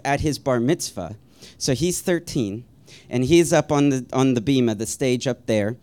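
A man telling a personal story in a wry, self-deprecating way, rambling a little with ums and uhs and soft chuckles. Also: medium pitch, clean tone.

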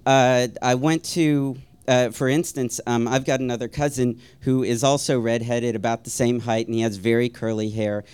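A man telling a personal story in a wry, self-deprecating way, rambling a little with ums and uhs and soft chuckles. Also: medium pitch, flat delivery, normal speed, hardly any pauses, clear, resonant tone.

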